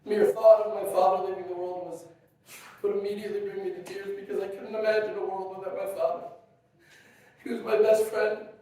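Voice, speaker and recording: A man delivers a heartfelt funeral eulogy, halting and emotional but touched with warm humor. His voice sits high for a man. It rings with heavy echo and sounds distant from the microphone. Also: little pitch movement. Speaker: son giving a eulogy. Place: funeral gathering. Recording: very echoey, far from the mic.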